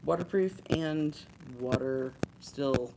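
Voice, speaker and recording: Hosting a live art supply show, a woman enthusiastically chats and shows off products while joking with her co-hosts in a casual livestream showcase. Her voice is bass-low and slow with vocal fry, set against heavy background noise.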